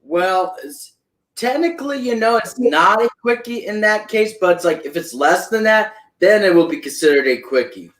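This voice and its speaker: A young man in a casual chat, drawling and quick to laugh. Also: sits high, animated, a bit bright, roomy sound, poor audio. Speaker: co-host.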